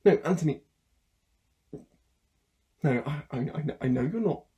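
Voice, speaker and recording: A young male food courier on a phone call stammers and trips over his words, as a student actor plays him. His voice is fairly high yet mellow and dark in tone, and it swings from pleading to sudden fury. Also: animated, measured pace. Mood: desperate. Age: young adult. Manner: stammering, pleading, bursts of anger. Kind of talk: theatre monologue performed online.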